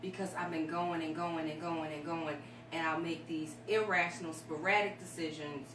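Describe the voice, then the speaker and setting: A woman's voice: deep voice, fairly even intonation, moderate pace. A woman guest on a talk show, speaking candidly and emotionally about her life, a bit rambling. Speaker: guest sharing her story. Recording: echoey room, distant mic, noisy.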